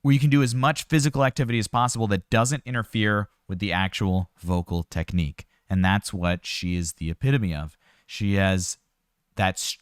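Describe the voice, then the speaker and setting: A man's voice: lowish voice, clear, resonant tone, no echo, clean studio sound. A man working as a vocal coach, giving casual, explanatory reaction commentary and sometimes laughing at his own jokes.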